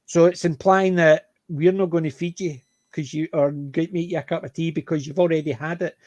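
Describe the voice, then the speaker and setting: Chatty Glaswegian man, higher voice. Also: fairly quick, no echo, dull audio. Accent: Glaswegian Scottish. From Scotland, Glasgow area. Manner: chatty, anecdotal, animated. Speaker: panel host. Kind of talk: casual chat.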